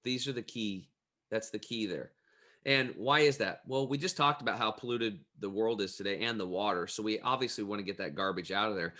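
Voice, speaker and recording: Interview guest, male, bright tense tone, lively folksy storyteller. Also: lowish voice, brisk. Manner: energetic, emphatic storyteller; folksy, plain-spoken.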